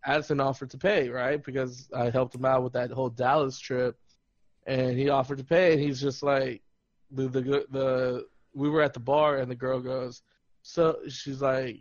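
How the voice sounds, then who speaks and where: A man's voice: medium pitch, moderate pace, no room sound, lo-fi sound. A man telling a funny story in casual podcast chat, laughing and acting out what people said. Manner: animated, laughing, acts out quotes. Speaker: podcast host.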